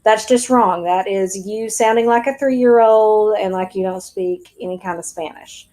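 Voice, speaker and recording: A woman teaching a recorded lesson in a brisk, direct way, with light jokes. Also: mid-range voice, warm tone, rough recording. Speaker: Spanish teacher.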